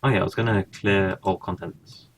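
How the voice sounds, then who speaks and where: Low gravelly man commenting on a game. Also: fairly even intonation, moderate pace. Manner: muttering, swears casually, thinks aloud. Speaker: gaming streamer. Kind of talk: casual gameplay commentary.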